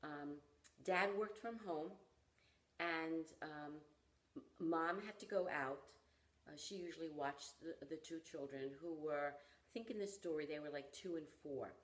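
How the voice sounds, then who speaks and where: A low-pitched woman recounts a story in conversation, bringing the people in it to life with expressive delivery. As a parenting teacher, she speaks in a deep, grounded tone. The room adds a noticeable echo around her voice. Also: unhurried. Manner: animated storyteller who acts out the people in her stories. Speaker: parenting educator. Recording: roomy echo.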